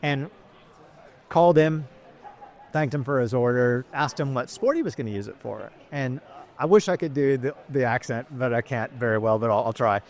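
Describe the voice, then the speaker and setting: A man's voice: mid-range voice, normal speed, darkish tone. A man, a business founder chatting in an interview, rambling and filling his talk with ums and you-knows. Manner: chatty, rambling, many fillers. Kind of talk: casual interview storytelling.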